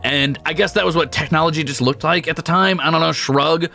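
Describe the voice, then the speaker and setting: A man's voice: a little high, a little fast, gravelly, bright, forceful tone, faint music behind. A young adult man streaming, chatting casually and rambling through a profane story. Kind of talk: casual chat.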